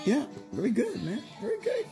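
A man's voice: very high-pitched, huge pitch swings, a little fast, vocal fry, poor audio. A man playing with his son at a swimming pool, talking patiently, encouraging and teasing him. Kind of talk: casual playful chat with a child. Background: music.

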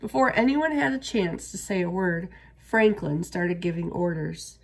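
Woman reading a kids book aloud, gravelly and a bit husky, mid pitch. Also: unhurried, few pauses. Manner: steady, expressive read-aloud. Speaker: storyteller.

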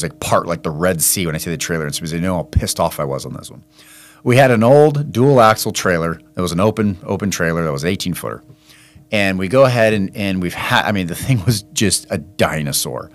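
A middle-aged man hosting a podcast, venting in an animated monologue and acting out the people in his stories. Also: on the low side. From California. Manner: animated storytelling, acts out dialogue in quoted voices. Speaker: podcast host and business owner. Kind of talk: ranting monologue.

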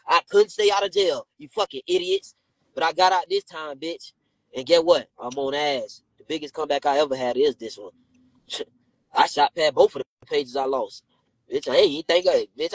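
A high-voiced man ranting on a live stream, brash and heavy on profanity as he hits back at critics. He talks into a phone in a dry, close space. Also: dry recording, low-quality recording. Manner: brash, profane, confrontational, repeats insults at critics. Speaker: rapper and comedian on a live stream.

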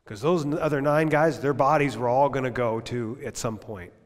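A male pastor preaching a sermon at a church service, impassioned, swinging from loud emphasis down to near-whispers. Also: mid-range voice, fairly even intonation, moderate pace, long reverb tail.

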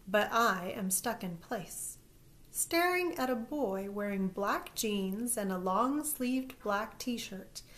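A woman narrating a first-person story as an audiobook, in a lively, expressive way. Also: medium pitch.

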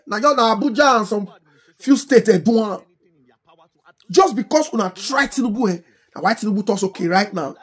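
A middle-aged woman with a Nigerian Pidgin English accent, delivering impassioned political commentary in an animated, scolding way, full of rhetorical questions. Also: a little high, slightly rough. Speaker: social media commentator.

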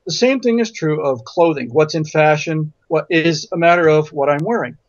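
Male interview guest, high voice, emphatic and anecdotal, muffled lo-fi sound. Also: moderate pace, dry recording. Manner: emphatic storyteller who repeats words for stress. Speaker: physician and guest. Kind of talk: interview conversation. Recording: dull lo-fi audio.

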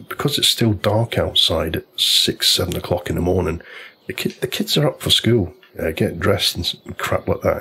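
A man's voice: low voice, gravelly, a bit bright, breathy edge. A man casually telling a long, rambling story while commenting on a golf video game. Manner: chatty storyteller, loose and informal, many restarts.

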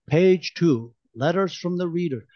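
A man's voice: a little high, animated, unhurried, no echo, voice pushed up. A biting, indignant woman activist, pressing her case with sarcastic questions, read by a man in his own voice. The sound is dull and lo-fi, as from an online call, and quite dry. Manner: sarcastic, pointed rhetorical questions.

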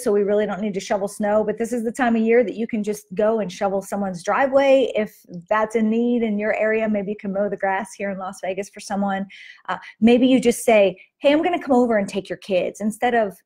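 A woman's voice: medium pitch, warm tone. A middle-aged woman hosting a faith-based moms' talk, chatting conversationally with frequent restarts and fillers. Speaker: host of a moms' ministry talk. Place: Las Vegas.

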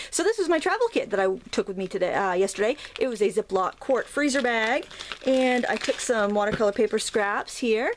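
A woman in her thirties hosting a casual painting tutorial, chatty and rambling, with lots of ums as she works. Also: medium pitch. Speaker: craft video host.

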